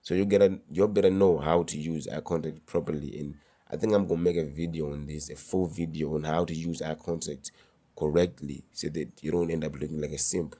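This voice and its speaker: A man's voice: very deep voice, steady tone, fairly quick, dark tone. A man talking straight to camera in a casual advice monologue, slangy and emphatic, repeating his key words. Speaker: advice vlogger.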